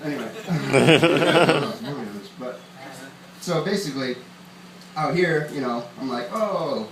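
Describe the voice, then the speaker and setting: A man's voice: mid-range voice, animated, slow pace, a crowd in the background. A young man from upstate New York doing a stand-up comedy set on a club stage, rambling and chuckling at his own jokes. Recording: roomy club sound, far from mic, audience noise.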